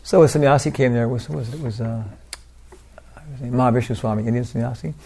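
An older man giving an informal devotional talk, rambling through anecdotes with lots of "you know" and soft laughs. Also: mid-range voice, fairly quick, creaky, husky. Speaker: preacher.

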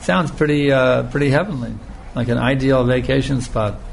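A spiritual teacher delivers a scripture lecture, slow and emphatic, repeating phrases to drive points home. His medium-pitched voice is creaky, and there's a little hiss or hum.

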